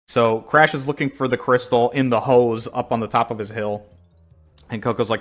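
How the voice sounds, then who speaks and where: A man's voice: mid-range voice, fairly even intonation, moderate pace, a bit bright, soft background music. A man casually retelling a fan comic chapter by chapter, rambling with fillers and self-corrections. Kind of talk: casual storytelling.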